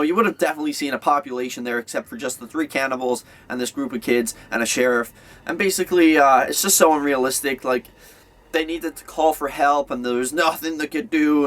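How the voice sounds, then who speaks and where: A man's voice: mid-range voice, a bit bright. A young man giving a casual, rambling movie review, full of fillers and restarts.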